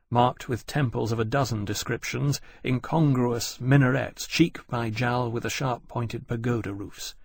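A man narrating an audiobook in a measured, descriptive storytelling manner. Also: medium pitch, gravelly, breathy edge, dry recording. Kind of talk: scripted narration.

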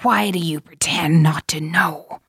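A woman's voice: a little slow, vocal fry, fairly bright tone, husky, dry recording, studio quality, exaggerated voice. Haunted angry man, as a woman reader puts him on. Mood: fierce. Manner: low, choked, furious speech.

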